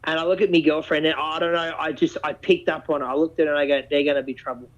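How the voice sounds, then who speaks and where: Man, animated storyteller, swears a lot, slightly high voice, muffled lo-fi sound. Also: fast talker. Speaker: podcast host. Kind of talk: casual chat. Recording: dull lo-fi audio.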